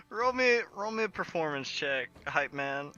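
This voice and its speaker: Game master, male, very bright tone, unhurried delivery, playful narration. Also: on the high side, big pitch swings, lo-fi sound, faint music behind. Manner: playful storytelling with frequent fillers.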